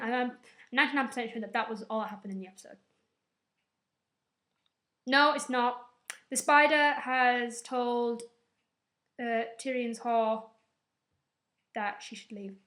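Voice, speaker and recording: Chatty young woman, higher voice. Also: normal speed, long pauses, fairly bright tone. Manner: rambling, chatty, casual swearing. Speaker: vlogger. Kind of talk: casual episode recap.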